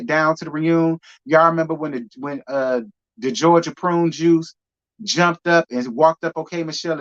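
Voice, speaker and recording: With a fairly high, fairly bright voice, this man hosts a live reality TV recap, talking with sass and emphasis and repeating lines for effect. The recording sounds muffled and lo-fi.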